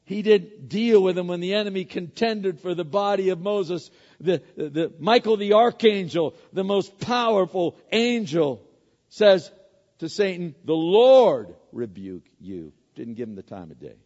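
A pastor with a high-pitched, slightly mellow voice preaches animatedly at a moderate pace. He is emphatic and repetitive, repeating words and posing rhetorical questions that he then answers. The sound is dull and lo-fi, echoing around a hall.

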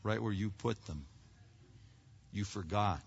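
A man's voice: lowish voice, takes it slowly, creaky, slightly rough. A man preaching a sermon as a pastor, talking conversationally with frequent restarts and repeated words. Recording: dull lo-fi recording.

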